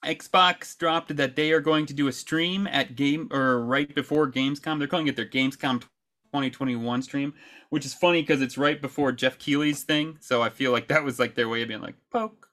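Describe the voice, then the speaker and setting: A man's voice: mid-range voice, steady tone, normal speed, sharp tone. A man in his thirties co-hosting a podcast, telling a story casually with many fillers, restarts and laughs. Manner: chatty, laughs often, lots of fillers and restarts. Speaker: podcast co-host.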